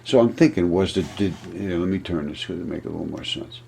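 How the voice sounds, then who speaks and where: A man talking through a map in a casual, rambling monologue, often laughing at his own ideas and getting excited. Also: low-pitched, fairly quick, gravelly, a little hiss or hum. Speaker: video presenter.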